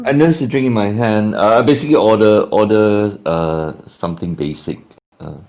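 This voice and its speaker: A man with a very deep, dark voice explains his moves in a tabletop game, restarting his sentences as he goes. The sound is dull and lo-fi. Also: moderate pace. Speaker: player. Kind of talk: casual tabletop play.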